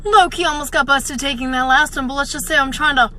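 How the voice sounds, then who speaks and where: A woman's voice: high-pitched, fast talker. A woman tells a story to her camera in a giggly, conspiratorial way. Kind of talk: story time vlog.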